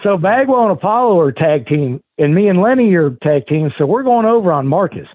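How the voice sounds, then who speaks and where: A man's voice: high voice, animated, fairly quick, no room sound. A man telling heated backstage stories in a casual chat, swearing constantly and rambling. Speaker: podcast guest. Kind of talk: casual storytelling. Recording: tinny phone-like sound.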